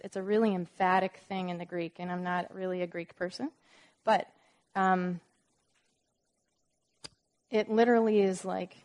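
Woman teaching Bible verses casually. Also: mid-range voice. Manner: conversational, explains verses with casual asides; reads scripture aloud with emphasis.

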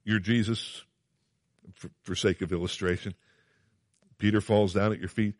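A man's voice: lowish voice, fairly even intonation, moderate pace, long pauses, no echo, clean studio sound. A man preaching a sermon, earnest and emphatic, repeating phrases and asking his listeners questions.

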